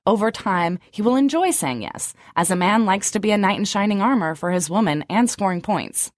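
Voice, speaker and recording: A woman in her thirties co-hosts, with a medium-pitched, expressive voice delivered briskly. She shifts between read-out summaries and loose, chatty talk full of "like" fillers when unscripted. The sound is clean studio audio with no echo.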